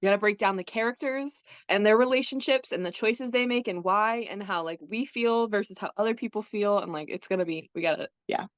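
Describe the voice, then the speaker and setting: A woman's voice: mid-range voice, a little fast, hardly any pauses, no echo. Chatty young woman, dry close sound. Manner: animated, rambling, laughs often, lots of fillers. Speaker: podcast co-host. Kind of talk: casual chat.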